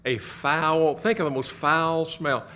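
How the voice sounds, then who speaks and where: A middle-aged man from Kentucky teaching a church Bible class, asking the class questions and repeating their answers with animated emphasis. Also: on the high side, slow pace, clear, resonant tone.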